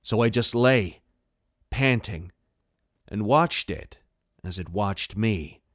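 A man's voice: on the low side, expressive, takes it slowly, no room sound. A man reading a scripted first-person horror story in a tense, dramatic way. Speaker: narrator.

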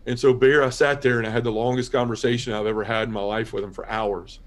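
A man giving a heartfelt personal testimony as a guest on a podcast, telling his story in an earnest, quiet way. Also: mid-range voice, little pitch movement, fast, hardly any pauses.

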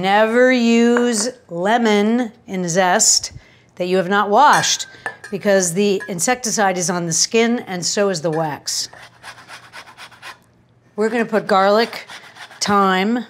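A woman's voice: medium pitch, slow, slight background noise. Chatty woman host, home kitchen demo, wry asides, mid-range voice. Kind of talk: casual cooking demonstration.

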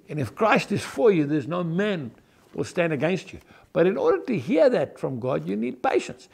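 A man's voice: sits high, very animated, moderate pace, creaky, slightly rough. A man preaching a folksy, emphatic devotional sermon, talking straight to his viewers as "folks". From South Africa. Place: on his farm.

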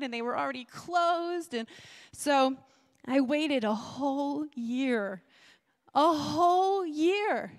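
A woman pastor gives a sermon in a church, her voice sitting high. She talks in a chatty, bubbly way, laughs often and keeps asking the congregation questions. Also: a bit bright. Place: church sanctuary.

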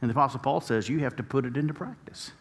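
A man's voice: medium pitch, very fast. Storytelling preacher man in a reverberant church. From United States. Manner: storytelling preacher, rising to emphatic peaks. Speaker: pastor. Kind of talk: sermon. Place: church sanctuary. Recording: long church hall reverb.

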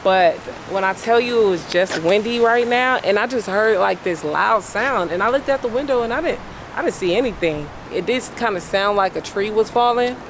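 Woman, vlogger, casual, rambling chatter, middle pitch. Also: moderate pace, noisy background. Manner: chatty, rambling, filler-heavy. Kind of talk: casual chat.

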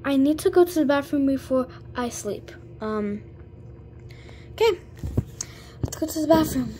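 A chatty girl talks through a game slowly, filling pauses with lots of fillers and bursting into exclamations. Her voice sits fairly high, and the home recording is noisy, with clicking behind it. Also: expressive, mellow. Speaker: gamer. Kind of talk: gameplay commentary.

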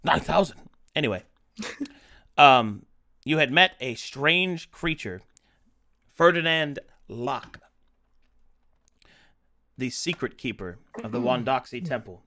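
Animated male dungeon master. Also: medium pitch, takes it slowly, long pauses. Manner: jokey, slips into a mock Australian accent. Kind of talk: casual chat and game narration.

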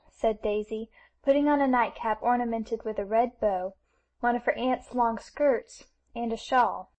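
A woman reads an audiobook of a classic novel in steady, even storytelling. Her voice sits slightly high. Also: measured pace, low-quality recording. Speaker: audiobook narrator. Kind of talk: scripted narration of a classic novel.

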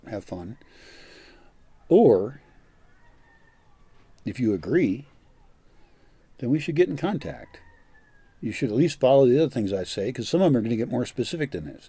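Blunt older man with a dark husky voice. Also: medium pitch, no echo. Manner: blunt, profane, scornful. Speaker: vlogger. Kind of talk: ranting monologue.

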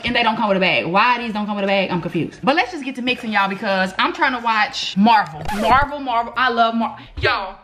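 A woman's voice: a little high, bright, forceful tone. A young woman vlogging casually from her home kitchen, rambling and chatty, talking to her viewers as y'all. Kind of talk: casual chat. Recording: echoey room.

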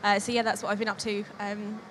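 A woman in her twenties giving a nervous acceptance speech on stage, flustered and halting, her voice shaky and close to tears. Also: medium pitch, little pitch movement, a little hiss or hum. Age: 20s. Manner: flustered, halting, full of ums. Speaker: award winner. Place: large exhibition hall stage.

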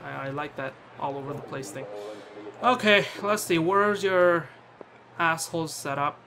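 A man narrates his own cricket video game in a loose, joking way, swearing freely and scolding his batsman. His voice sits a bit high and sounds bright and forward. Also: measured pace, a little hiss or hum. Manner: bantering, swears often, talks to his in-game player. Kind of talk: casual gameplay commentary.

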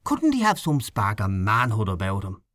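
A scornful, complaining male canvasser in a spoken storybook, as a man reads him. His pitch swings widely as he gossips and grumbles, and the recording is dry and close. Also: wildly swooping pitch, moderate pace, a bit bright, no echo.

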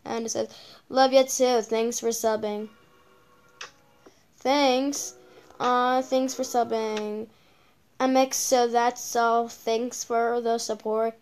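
A woman's voice: on the high side, little pitch movement, takes it slowly, long pauses, a little mellow, clear, resonant tone. A female channel host giving casual reaction commentary on videos, rambling with lots of repeated okays and ums.

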